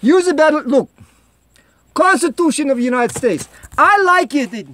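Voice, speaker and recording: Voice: high-pitched, lively intonation, a little slow, fairly bright tone. A performer putting on a Russian-accented home vlogger who rambles in broken English, making jokey asides. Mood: chatty. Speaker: vlog host. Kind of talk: comedic home vlog monologue.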